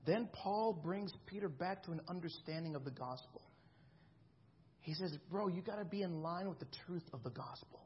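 A man's voice: high-pitched, moderate pace, highs cut off, slight background noise. A man in his thirties preaching a sermon in a conversational way, often checking in with the congregation. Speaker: pastor.

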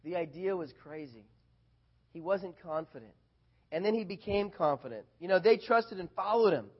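A man preaching a casual sermon, animated, swinging from loud bursts to quiet asides. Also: high-pitched, normal speed, breathy edge, highs cut off.

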